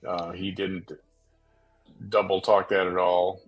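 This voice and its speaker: A male host talking late at night in a loose, rambling way. His voice sits low and a little husky. Faint music plays beneath him. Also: completely flat delivery, slow pace, poor audio. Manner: rambling, hesitant with fillers. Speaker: podcast host. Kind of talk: late-night casual chat.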